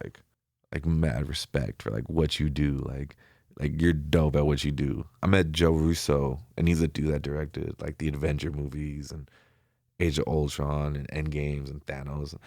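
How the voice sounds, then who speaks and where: A young man with a very low, deep voice tells stories as a podcast guest. He talks loosely and casually, with slang and constant "like" fillers. The sound is dry and close to the mic. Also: no echo. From Ventura County, California. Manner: relaxed, slangy storytelling, filler "like" everywhere. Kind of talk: casual storytelling interview.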